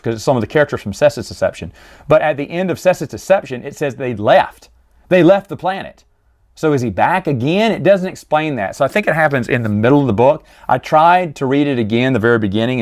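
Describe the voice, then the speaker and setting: A man talks through a casual review at a middle pitch. He rambles and loses his place, then throws in jokey, exasperated asides. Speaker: host reviewing stories.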